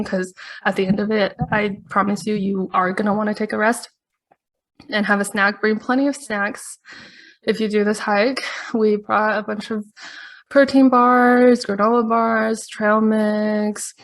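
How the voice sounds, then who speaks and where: A woman podcast host telling a story in a chatty, casual way, laughing often between her sentences. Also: mid-range voice.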